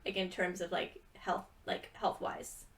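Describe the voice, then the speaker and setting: A woman's voice: on the low side, flat delivery, a little slow, fairly bright tone, distant mic. A young woman chatting casually and rambling with giggles, tired from too little sleep. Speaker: gaming video creator. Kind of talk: casual chat over gameplay.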